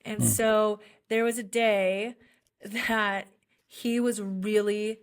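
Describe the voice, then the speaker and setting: A special education teacher in young adulthood tells sincere, heartfelt stories on a podcast, leaning on frequent fillers. She takes it slowly, in a medium-pitched voice.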